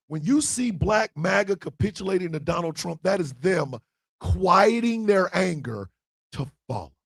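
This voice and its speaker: Fiery, gravelly-voiced man ranting. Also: high voice, dry recording, studio quality. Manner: fiery, emphatic, preaching. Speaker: internet radio co-owner and host. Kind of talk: impassioned livestream monologue.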